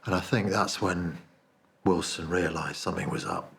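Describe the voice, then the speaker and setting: A deep-voiced man plays a guilt-ridden narrator, telling his story in a low, hushed, confessional tone. The piece is a dramatic stage-style monologue with an intimate, quiet delivery. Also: moderate pace, creaky, a little hiss or hum. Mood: haunted, confessional. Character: remorseful man confessing a cowardly betrayal. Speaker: actor performing a monologue.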